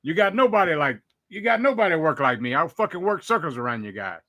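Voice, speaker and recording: A man quoting a gruff, boastful worker who threatens people in a tough-guy voice. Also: on the high side, big pitch swings, quick pace, pushed and bright, voice pushed up. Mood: threatening.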